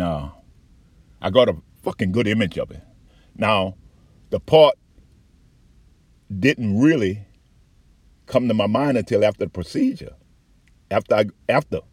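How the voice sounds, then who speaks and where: Husky low-voiced man telling his story. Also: dry recording. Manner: profane, halting, with many restarts and fillers. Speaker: patient recounting an experience. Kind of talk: candid personal account.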